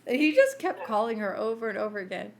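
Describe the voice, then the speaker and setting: A woman's voice: medium pitch, big pitch swings, quick pace. A woman co-hosting a podcast in casual chat, spinning funny anecdotes and laughing at her own punchlines. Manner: chatty storyteller, laughs at her own stories. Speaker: podcast co-host.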